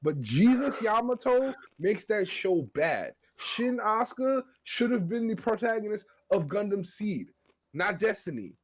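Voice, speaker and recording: A young man hosting a podcast, chatting excitably and laughing loudly. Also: high voice, a little slow. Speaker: podcast host. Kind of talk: casual chat.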